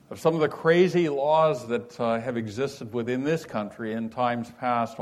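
Slow, folksy preacher man. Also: medium pitch. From California. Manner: unhurried, folksy, frequent "you know" asides. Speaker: Bible teacher. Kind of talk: conversational sermon.

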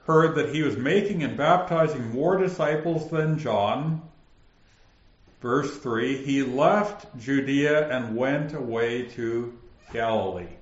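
A man's voice: mid-range voice, echoey room, highs cut off. A man with a northern Minnesota accent teaching a Bible passage, his questions rising so little they sound like statements.

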